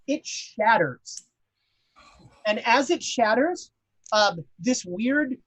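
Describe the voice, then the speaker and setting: A man's voice: high voice, fairly bright tone, no echo. A man narrating a tabletop horror game as game master, rambling with many fillers.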